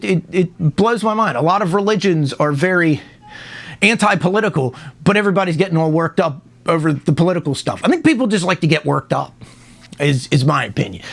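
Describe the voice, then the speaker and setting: A man with a high voice and a gravelly edge, rambling through a casual opinion rant. He is irreverent and restarts his sentences often. He speaks close to the mic. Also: fairly bright tone. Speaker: host of a rant video.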